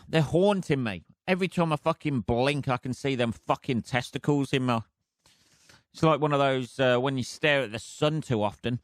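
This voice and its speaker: Male podcast host, loose and profane, mid-pitched, dry close mic. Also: a bit bright, dry recording. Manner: rambling, heavy swearing, chuckling. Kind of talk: casual solo monologue.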